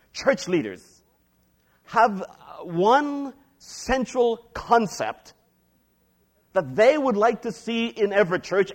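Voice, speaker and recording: Male pastor, middle-aged, lively sermon delivery with a high, swooping voice. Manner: reads scripture slowly, varies pitch widely.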